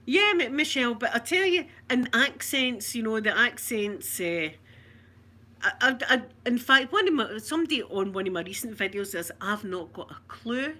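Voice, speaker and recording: A woman's voice: on the high side, lively intonation, normal speed, sharp tone. A Scottish woman from Scotland in casual live chat, talking to viewers, laughing often and reading out their comments. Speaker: vlogger.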